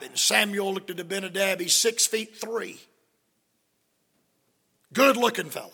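Preacher man, sharp bright tone, gravelly, hush to shout. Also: high voice, measured pace, pauses often. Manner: dramatic storytelling, swinging from hushed to shouting. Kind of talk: sermon. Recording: long hall reverb.

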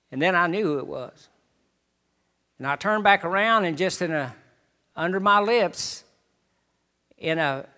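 A middle-aged man, a missionary preacher, giving a folksy personal testimony to a congregation with halting restarts. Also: sits high, bright, forceful tone.

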